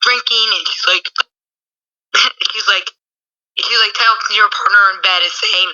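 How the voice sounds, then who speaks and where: A woman's voice: mid-range voice, a little slow, pushed and bright. A woman guest chatting casually, rambling with lots of filler words and giggles. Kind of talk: casual chat. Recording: muffled lo-fi audio.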